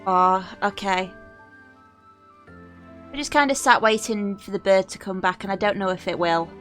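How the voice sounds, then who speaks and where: A woman's voice: mid-range voice, normal speed, pauses often, fairly bright tone, soft background music. A woman streaming a game live, reacting emotionally and exclaiming at the screen, teary and near crying.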